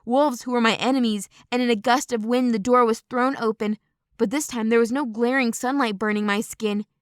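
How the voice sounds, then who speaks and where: A woman reading a novel aloud in first person, measured and expressive. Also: on the high side, dry recording, studio quality. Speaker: audiobook narrator. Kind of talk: scripted first-person narration.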